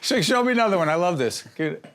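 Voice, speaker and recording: A middle-aged man hosting a TV studio interview, asking quick, jokey questions and cutting in often. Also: high voice, very animated, fairly bright tone. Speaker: TV interview host.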